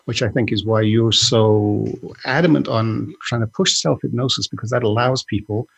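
A man co-hosts a podcast, talking casually and rambling, often breaking off to restart. His voice is gravelly with a husky edge. He throws in dry jokes along the way. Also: mid-range voice, fairly even intonation, moderate pace. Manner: rambling, self-interrupting, joking. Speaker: podcast co-host.

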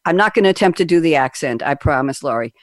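A woman's voice: low-pitched, animated, fast, dry recording. A woman hosting a business talk radio show, chatty and enthusiastic, stacking up long lists as she introduces things. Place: remote call with panelists.

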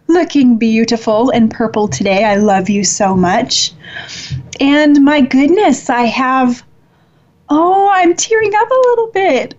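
A woman hosting a live psychic reading show, talking slowly and earnestly in a soft voice with gentle laughs. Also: a little high, muffled recording. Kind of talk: live-stream spiritual talk.

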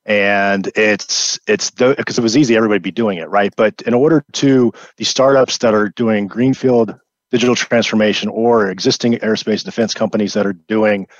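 A man's voice: fairly low pitch, fairly even intonation, a little fast, no echo. A man speaking as a panelist, explaining his view hesitantly and often repeating words. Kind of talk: conversational business discussion. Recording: dull dry sound.

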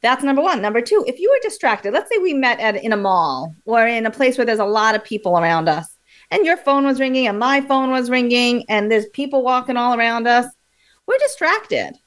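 High-voiced woman explaining like a teacher. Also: fairly quick. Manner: lively, teacherly, demonstrates with examples. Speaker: memory coach guest. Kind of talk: explanatory interview talk.

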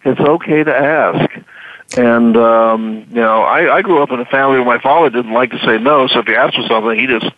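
A man in casual conversation, halting and repeating words as he starts his sentences. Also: mid-range voice, no room sound. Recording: tinny phone line.

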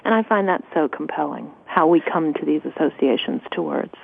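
A woman's voice: deep voice, animated, brisk, creaky, breathy edge, no echo. A woman author in a radio interview, explaining with eager enthusiasm. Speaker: author guest. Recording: dry, phone-like radio sound.

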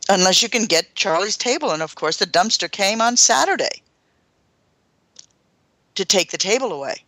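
A woman's voice: medium pitch, expressive, moderate pace, a bit bright, dry recording. A woman hosting a talk show, telling a first-hand story in a dramatic way with gasps. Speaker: host.

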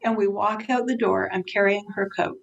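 Female interview guest, dementia care expert; lively storyteller with a gravelly edge. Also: mid-range voice, normal speed, muffled recording. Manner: vivid storyteller who acts out dialogue.

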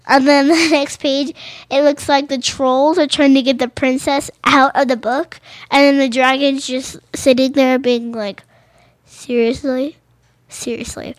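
Woman, high voice, dry close sound; reads picture books aloud, trips over lines, chats between pages. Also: dry recording. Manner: stumbling and rereading phrases, adding casual commentary. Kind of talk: reading children's books aloud with chatty asides.

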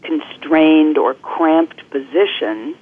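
A woman guest coach explaining things clearly and articulately in an interview, speaking over the phone. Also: low voice, takes it slowly. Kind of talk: interview on a podcast. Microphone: telephone. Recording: phone-line call-in audio.

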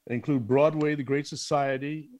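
A man's voice: fairly high pitch, steady tone, moderate pace, darkish tone. A man hosting an interview, asking questions and listing his guest's credits, with short attentive replies. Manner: attentive, brief backchannel replies. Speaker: interview host. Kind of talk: casual interview.

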